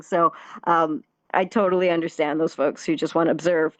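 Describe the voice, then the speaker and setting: A woman performer chatting as a podcast guest. Her voice sits a touch low and comes through slightly muffled, with no room sound at all. She rambles in a friendly way, full of fillers, restarts and easy laughs. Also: fairly quick, no echo. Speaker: podcast guest, theatre performer and dance teacher. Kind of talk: casual podcast interview. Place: virtual reality social world voice chat.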